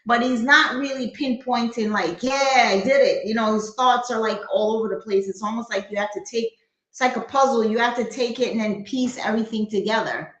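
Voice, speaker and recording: A woman's voice: on the high side, a little fast, reverberant, rough recording. A woman from New giving blunt, skeptical commentary on a crime case during a live stream. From New York. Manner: blunt, skeptical, talks back at the clip.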